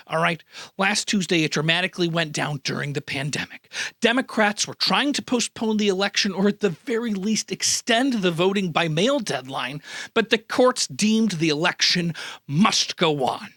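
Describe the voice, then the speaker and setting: A high, bright male voice that leaps all over the place, delivering comedic news commentary with sarcasm and theatrical mock outrage. The sound is very dry and close, with no room around it. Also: expressive, moderate pace, no echo. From American Midwest. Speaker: news host.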